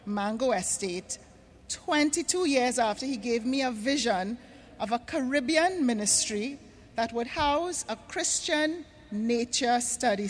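A woman from Trinidad and Tobago gives an earnest stage address to a huge arena crowd, slowing down to stress key words. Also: a little high. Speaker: conference speaker. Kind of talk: stage address on faith and creation care. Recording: long reverb of a large arena.

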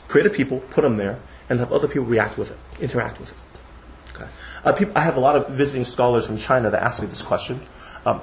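A man teaching a class, his delivery animated and full of false starts and repeated words. He chuckles now and then as he makes his points. A faint hiss sits behind his voice. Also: medium pitch, gravelly, rough recording. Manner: animated, halting with frequent restarts; chuckles while explaining. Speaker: lecturer. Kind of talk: classroom lecture.

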